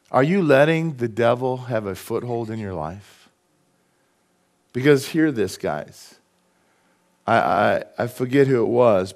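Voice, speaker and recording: A middle-aged man delivers a sermon in a church sanctuary. He preaches in a lively, conversational way, often turning to the congregation with quick asides. His voice sits in an ordinary middle register. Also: medium pitch. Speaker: pastor.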